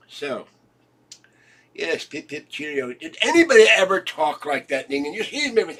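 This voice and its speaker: Man, casual rambling vlog, joking, congested, coughing, husky, distant mic. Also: a little high, sing-song, moderate pace, bright, forceful tone. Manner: joking, chuckling, wandering from topic to topic. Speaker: vlogger.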